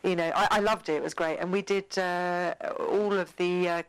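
A woman co-hosting a radio show, chatting enthusiastically and rambling with excitement. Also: lowish voice, normal speed, clean tone, rough recording. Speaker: radio co-host. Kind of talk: casual radio chat.

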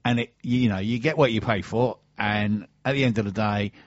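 A man's voice: lowish voice, normal speed, no room sound, lo-fi sound. A man hosting a radio show, chatting casually and trading jokey, teasing banter.

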